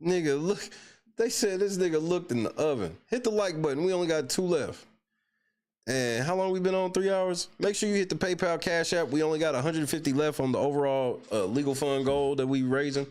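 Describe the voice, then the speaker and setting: A man's voice: a little high, brisk, a little mellow. A man hosting a livestream, giving blunt, profane casual commentary. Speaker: livestream host.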